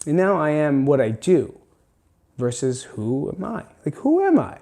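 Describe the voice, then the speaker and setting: A man's voice: on the high side, huge pitch swings, a little slow, dark tone. A man hosting a casual motivational monologue, rambling and candid, swearing freely and drifting into side remarks. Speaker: host.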